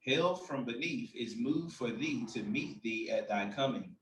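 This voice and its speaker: A man of middle pitch reads scripture aloud slowly and evenly. He sits away from the microphone in a room with noticeable echo. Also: a bit bright, far from the mic, a little hiss or hum. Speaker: scripture reader.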